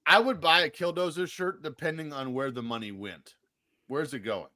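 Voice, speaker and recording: A man's voice: fairly high pitch, normal speed, sharp tone, no echo, clean studio sound. A man co-hosting a podcast in casual chat, arguing his point and swearing freely. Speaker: podcast co-host.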